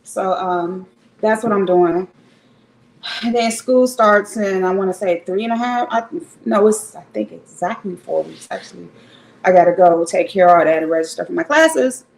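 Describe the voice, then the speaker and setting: A woman's voice: mid-range voice, moderate pace, vocal fry, darkish tone, rough recording. A woman livestreaming from home, chatting casually and frankly with her viewers, rambling and swearing now and then. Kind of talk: casual chat with live viewers. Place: home in Cleveland. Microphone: streaming setup at home.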